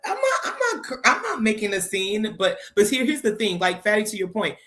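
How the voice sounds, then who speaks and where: A woman on a live talk stream tells her own story in an earnest way, with many "like" and "um" fillers. Her pitch sits in the middle of the range. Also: very animated, fairly quick, fairly bright tone. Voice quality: married. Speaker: panelist.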